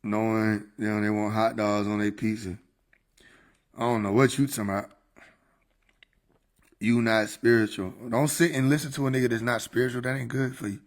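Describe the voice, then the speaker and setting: A man's voice: on the low side, steady tone, moderate pace, long pauses. A man casually chatting on a livestream into a desk microphone, joking, swearing and laughing often. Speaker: streamer.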